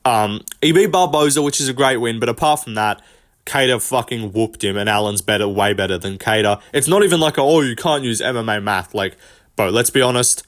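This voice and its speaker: A man's voice: on the low side, a bit bright. A man giving casual, blunt fight predictions as host, opinionated and profane, with many ums and likes.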